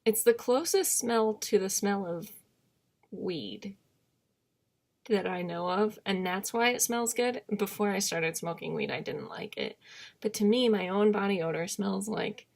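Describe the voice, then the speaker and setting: A woman's voice: mid-range voice, normal speed, gravelly, darkish tone. A young woman vlogging in a candid, rambling monologue, self-deprecating and often trailing off into murmurs.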